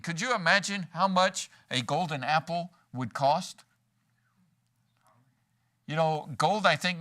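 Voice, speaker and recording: A man's voice: a little high, sharp tone. A man preaching a sermon in a church, folksy and joking, acting out quoted lines as he goes. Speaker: pastor. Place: church sanctuary.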